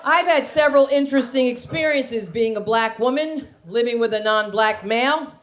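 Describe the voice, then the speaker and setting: A woman's voice: a little high, moderate pace. A woman comedian performing a stand-up set on a comedy club stage, sassy and conversational with punchy delivery.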